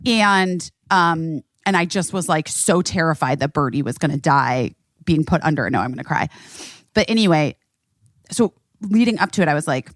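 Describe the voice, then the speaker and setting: A middle-aged woman hosting a podcast, telling a story in casual chat, animated and swearing freely. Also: low voice, moderate pace, no echo, clean studio sound. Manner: animated, swearing, acts out quotes. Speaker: podcast host.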